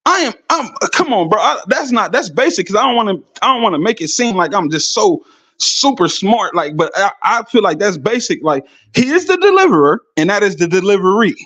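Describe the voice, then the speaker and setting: A man's voice: sits high, very animated, fairly quick, fairly bright tone, no echo. A man in a heated debate who talks over others and repeats himself insistently. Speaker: debate participant.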